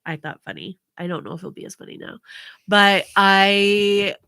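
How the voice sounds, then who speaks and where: A woman's voice: medium pitch, moderate pace, gravelly, clean tone, dry recording, studio quality. A woman, co-hosting a casual podcast chat and telling family stories, acting out voices and laughing often. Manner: animated storytelling, acts out family members' voices, laughs often. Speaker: podcast co-host.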